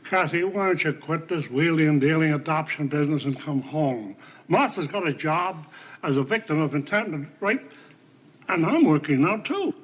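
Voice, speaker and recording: A wry, understated old grandfather in a 1970s TV soap opera. His older voice is husky, and his pitch rises and falls a lot as he talks. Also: animated, moderate pace. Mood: musing. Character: dry-witted old grandfather, wry and plain.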